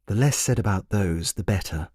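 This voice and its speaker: A man's voice: lowish voice, normal speed, a little mellow, breathy edge, no room sound. A man voicing a patient royal servant who speaks formally, deferentially and with dry understatement.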